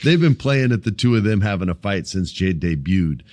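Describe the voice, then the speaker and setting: A man hosting a wrestling podcast, recapping shows in casual, profane, animated talk. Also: sits low, moderate pace.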